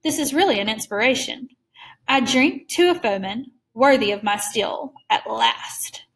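A suave, menacing older general, put on by a woman reading a story aloud, speaking with polished and amused courtesy. The voice sits fairly high and never loses its smooth poise. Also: measured pace, fairly bright tone. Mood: courtly.

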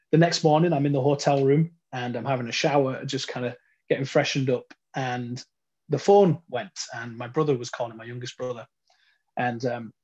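A man's voice: medium pitch, a little mellow, slightly rough, dull audio. A middle-aged man from the UK giving an earnest, reflective personal testimony from his front room at home. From United Kingdom. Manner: reflective and earnest, with frequent ums. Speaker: speaker sharing his life story.

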